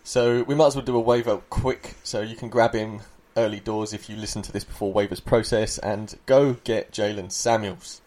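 A man hosts a casual sports podcast with an excitable, upbeat delivery. His voice sits a little low. He chats loosely with his co-host. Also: moderate pace, few pauses.

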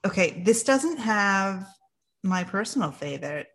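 Casting: young female co-host from Japan, amused chat, very lively, swooping intonation. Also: mid-range voice, measured pace. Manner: amused, laughs often, says "like" a lot. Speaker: podcast co-host. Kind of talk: casual chat.

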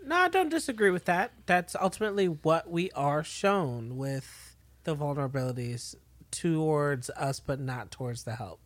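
A podcast co-host in casual chat, speaking in a measured, thoughtful way with short agreeing replies. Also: mid-range voice, animated, no room sound. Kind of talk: casual chat recapping a TV episode.

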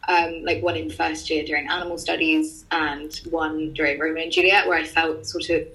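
Bright-voiced young Irish woman chatting. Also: sits low, little pitch movement, moderate pace, poor audio. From Ireland. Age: young adult. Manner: chatty, laughing, lots of fillers. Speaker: drama student guest. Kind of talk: casual chat.

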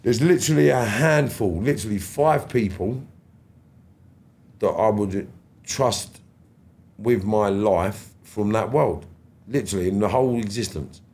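A man's voice: on the low side, measured pace, long pauses. A middle-aged man, a podcast guest telling stories casually, acting out conversations with slang and swearing. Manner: animated, acts out dialogue with slangy swearing. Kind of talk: casual storytelling interview.

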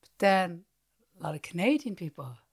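A woman's voice: lowish voice, very animated, normal speed, gravelly, breathy edge. A woman with an Irish accent co-hosting a podcast, talking animatedly in casual chat and acting out little exchanges. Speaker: podcast co-host.

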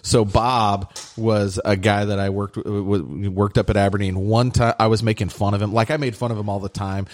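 A man in casual comedic chat as a podcast co-host, teasing and quick with jokes. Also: on the low side, level tone, darkish tone.

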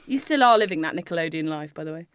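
A woman's voice: low voice, lively intonation, fast talker, clear, resonant tone. Opinionated woman co-host. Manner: chatty, opinionated, swears, laughs. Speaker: podcast co-host. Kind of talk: casual chat.

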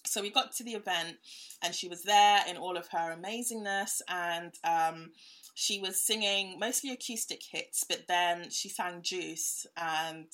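A woman's voice: lowish voice, a little slow, a bit bright. A young woman, a guest telling a personal story in a casual, chatty way with many fillers and laughs.

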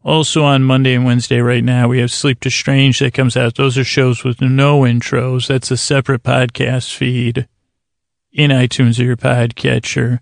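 A man with a gravelly, creaky voice drifts through a rambling sleep-podcast intro, poking fun at himself as he goes. He speaks close and intimately to the listener, as if beside them at bedtime. The recording is dry and close, with no room sound. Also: little pitch movement, moderate pace, dry recording. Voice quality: creaky, low-key dulcet tones. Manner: meandering, self-deprecating, talks to the listener intimately.

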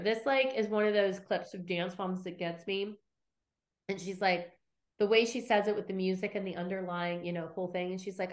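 A middle-aged woman hosting a podcast, casually recapping scenes, acting out quotes and swearing freely. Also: medium pitch. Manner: animated storyteller, acts out quotes, swears freely. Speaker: podcast host recapping episodes.

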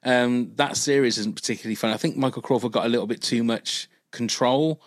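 A man's voice: medium pitch, brisk, dry recording. A man, chatting casually as podcast host and rambling through a comedy story. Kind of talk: casual chat.

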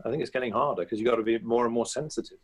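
A man's voice: medium pitch, very fast, slightly rough. A man in his fifties, a comedian talking as an interview guest, chatty and anecdotal, with frequent fillers and restarts. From England. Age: 50s. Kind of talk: reflective interview talk.

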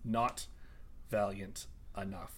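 A man voicing an arrogant ancient male monster that speaks slowly with low contempt. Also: lively intonation, sharp tone. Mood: menacing.

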